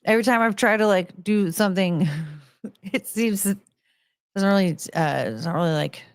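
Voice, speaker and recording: A woman's voice: medium pitch, normal speed, no echo. Woman, livestream host, casual rambling chat, self-mocking, tired, dry close sound. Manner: chatty and self-mocking, laughs often.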